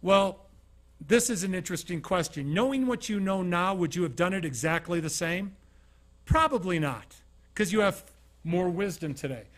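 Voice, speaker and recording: A man's voice: high voice, moderate pace. A man from Utah giving an informal motivational talk to a small studio audience. He tells stories with energy and keeps asking the listeners direct questions. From Utah, USA. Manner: animated storyteller, asks the audience direct questions. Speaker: motivational keynote speaker.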